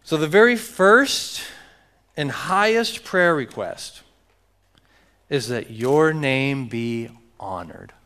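A man's voice: mid-range voice, lively intonation, slow pace, a bit bright, clear, resonant tone. A man preaching a sermon as pastor, emphatic and joking with his congregation.

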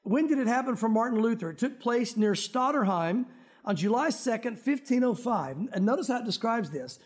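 Pastor guy with a really high voice preaching to his church, chatty, cracks little jokes. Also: lively intonation, normal speed. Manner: conversational, joking asides to the congregation. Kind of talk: sermon. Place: church sanctuary.

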